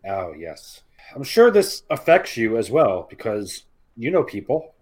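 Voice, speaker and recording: A man's voice: medium pitch, very animated, measured pace. A man co-hosting a podcast, trading dry sarcastic banter in casual comedic chat. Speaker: podcast co-host.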